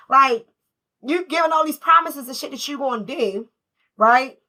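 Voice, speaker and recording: Bright, high-voiced woman tarot reader with a cold. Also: normal speed. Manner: blunt, profane, streetwise, animated storytelling. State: has a cold. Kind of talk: casual collective tarot reading.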